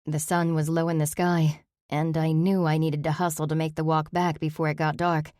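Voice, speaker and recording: Audiobook narrator, woman, low-pitched, steady first-person reading. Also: moderate pace, dry recording, clean studio sound.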